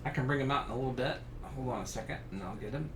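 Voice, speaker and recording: Chatty Southern man in an echoey room. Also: rapid-fire. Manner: chatty, rambling storyteller with excited bursts. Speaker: craft show host. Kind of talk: casual live-stream chat while crafting. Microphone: live-stream camera mic. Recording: echoey room with rumbling background noise.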